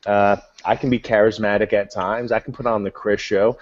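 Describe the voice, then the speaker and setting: A loud, enthusiastic man chatting energetically in a casual online group discussion. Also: on the low side, flat delivery, normal speed. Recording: lo-fi online call audio.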